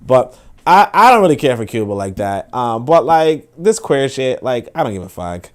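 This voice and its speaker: A man hosting a casual podcast, talking in a profane, dismissive and animated way. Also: medium pitch, moderate pace, clean tone. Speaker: podcast host. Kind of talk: casual commentary.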